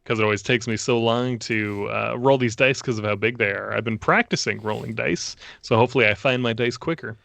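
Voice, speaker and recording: A man's voice: medium pitch, fairly quick, vocal fry, hardly any pauses, fairly bright tone, dry recording. A man playing a tabletop game, easygoing as he narrates his character's actions. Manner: easygoing, describes actions with frequent fillers. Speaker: player.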